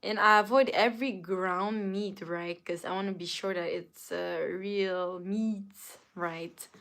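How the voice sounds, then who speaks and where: A woman's voice: mid-range voice, fairly even intonation, takes it slowly, fairly bright tone. A woman hosting a casual live stream, chatting playfully with viewers, reading their comments aloud and laughing often. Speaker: livestream host.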